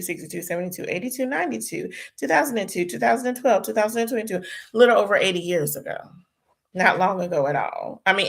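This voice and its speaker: A woman's voice: medium pitch, creaky. A young woman, hosting a casual live-stream chat, chatty and prayerful, her voice sounding tired. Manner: chatty, prayerful, talks to viewers as y'all. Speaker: host.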